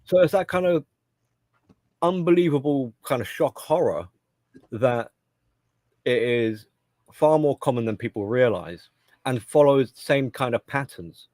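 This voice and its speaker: A man co-hosting a casual chat, thinking aloud in a halting, discursive way. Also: mid-range voice, animated, darkish tone, dry recording.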